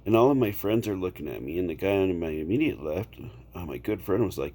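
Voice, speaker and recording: Deep-voiced man telling a personal story. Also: animated, mellow. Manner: unhurried, with fillers and repeated "okay?" check-ins. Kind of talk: casual first-person storytelling.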